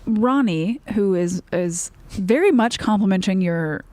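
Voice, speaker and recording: A woman's voice: mid-range voice, expressive, measured pace, darkish tone, dry recording. A woman co-hosting a casual livestream from a motorcycle shop, reading out viewer questions with a dry, teasing manner.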